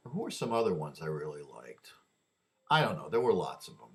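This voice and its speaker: A man's voice: extremely low pitch, very animated, a little fast, a bit bright. A man delivering a rambling opinion monologue, often repeating and restarting his words.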